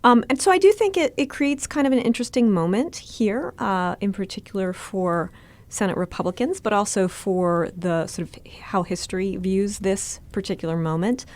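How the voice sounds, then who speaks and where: A woman's voice: mid-range voice, normal speed, a little mellow. A woman reporter giving casual spoken analysis, thoughtful, with frequent fillers and self-corrections. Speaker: political reporter.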